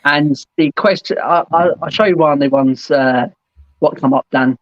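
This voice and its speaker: A man's voice: fairly high pitch, moderate pace, dry recording. Chatty man, lo-fi dry sound. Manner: chatty, repeats "mate" and "absolutely". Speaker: fan call-in show host. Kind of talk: casual football chat.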